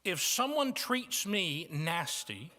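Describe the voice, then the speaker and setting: Midwestern preacher, bright and echoing. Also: male voice, high voice, big pitch swings, slow pace. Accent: Midwestern American. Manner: storytelling with shifts from soft to emphatic. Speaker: guest preacher. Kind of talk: sermon. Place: church banquet hall. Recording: reverberant banquet hall.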